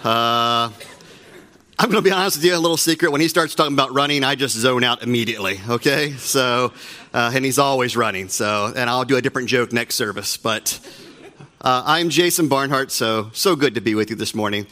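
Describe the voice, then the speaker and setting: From a church pulpit, a middle-aged pastor preaches a sermon, chatting and joking with the congregation and dropping self-deprecating asides. His voice is medium-pitched, a little fast, and sharp in tone.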